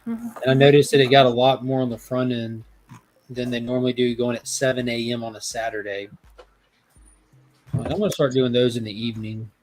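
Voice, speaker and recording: A relaxed, friendly man with a mid-pitched voice, chatting casually over a video call about his online videos. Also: a little fast, pauses often, slight background noise. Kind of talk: casual online group chat.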